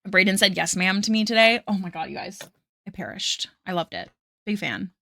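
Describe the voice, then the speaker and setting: A woman's voice: mid-range voice, lively intonation, a little fast, creaky, sharp tone. A young woman chatting casually on a live stream while she draws. She laughs often and explains her steps as she goes. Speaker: streamer and digital artist. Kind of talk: casual chat while drawing.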